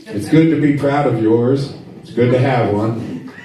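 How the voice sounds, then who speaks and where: A man's voice: medium pitch, measured pace, crowd noise. Echoey man telling jokes on stage. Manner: drawling storyteller, acts out characters in dialogue. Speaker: stand-up comedian. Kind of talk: stand-up joke telling. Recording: echoey room, mic heard from a distance.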